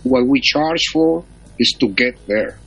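A man's voice: mid-range voice, a little slow, gravelly, fairly bright tone, slightly rough, muffled recording. A man in his seventies, a veteran musician, telling stories as a chatty raconteur in an interview. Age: 70s. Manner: storytelling raconteur. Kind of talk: casual interview chat.

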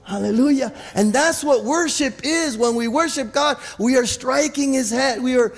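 A man preaching a sermon as pastor, animated, often stumbling over and repeating words and calling out for amens. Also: very high voice, moderate pace, gravelly, big-room sound.

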